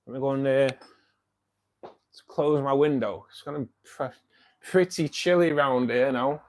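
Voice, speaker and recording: With a medium-pitched voice and a measured pace, a fishkeeping club's livestream host chats casually with viewers. He's in his fifties, from Manchester, England, speaks Mancunian English, and keeps calling people "mate".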